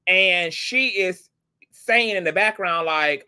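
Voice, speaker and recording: A man hosting a gossip commentary show, sassy, profane and animated as he reacts to a clip. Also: sits high, takes it slowly, clear, resonant tone. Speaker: commentary channel host.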